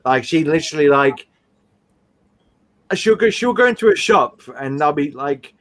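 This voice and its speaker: Lively high-voiced man chatting. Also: moderate pace. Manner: animated, rambling storyteller with frequent laughs. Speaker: streamer host. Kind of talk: casual live-stream chat.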